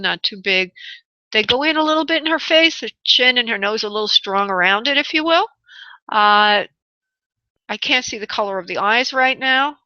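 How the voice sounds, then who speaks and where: A woman's voice: medium pitch, pushed and bright, no echo, highs cut off. A woman hosting a call-in psychic reading, soothing and calling the caller honey and love. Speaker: psychic medium host.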